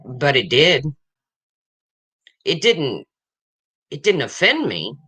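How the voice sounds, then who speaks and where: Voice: mid-range voice, wildly swooping pitch, slow pace, bright, forceful tone, breathy edge. A person in their fifties hosting a livestream, talking bluntly and answering viewers in the chat in a casual way. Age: 50s. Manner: blunt and frank, repeats points. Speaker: livestream host.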